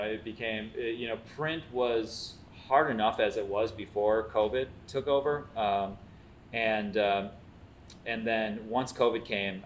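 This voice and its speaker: A man's voice: fairly low pitch, slight background noise. A man, hosting a food show and telling stories in casual chat, acting out the quotes as he goes. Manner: animated storyteller, acts out quotes.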